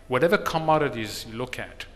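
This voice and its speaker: Measured seminar speaker, bright tone, hall reverb. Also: male voice, medium pitch, lively intonation. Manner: measured, explanatory, tells a joke. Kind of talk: seminar talk. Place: conference hall.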